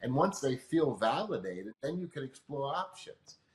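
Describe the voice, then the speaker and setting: A man guest in an interview, explaining calmly and patiently as an expert, working through practical examples. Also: mid-range voice, moderate pace. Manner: calm, teaching tone with practical examples. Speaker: emotional management expert guest. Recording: roomy echo.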